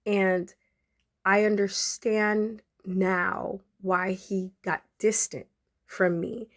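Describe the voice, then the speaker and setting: A woman's voice: medium pitch, little pitch movement, drawn-out words. A woman in her forties hosting a podcast, talking emotionally to her followers and fighting back tears as she speaks. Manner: conversational, addresses listeners directly. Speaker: podcast host. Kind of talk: emotional personal talk to followers.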